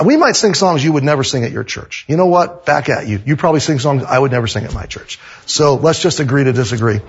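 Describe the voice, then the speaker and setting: A man's voice: fairly high pitch, husky. A male pastor preaching a sermon, telling stories animatedly and acting out the dialogue on a slightly muffled recording. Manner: animated storytelling, acts out dialogue.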